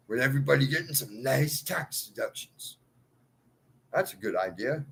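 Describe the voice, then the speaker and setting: This self-styled cleric's mid-range voice is gravelly and expressive, moving at a moderate pace through a ranting address to his followers. Agitated and pleading, he alternates outbursts with muttered asides, and the recording is rough.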